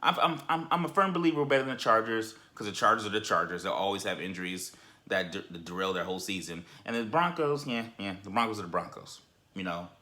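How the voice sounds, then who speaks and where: A man ranting casually as a sports fan on his vlog, animated and emphatic, often repeating words as he restarts. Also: lowish voice, fast talker.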